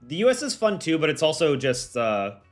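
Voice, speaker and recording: A young American man chatting casually on a live stream as its host, relaxed and full of ums and likes. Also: a little high, a little fast, faint music behind. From United States. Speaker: streamer and voice actor.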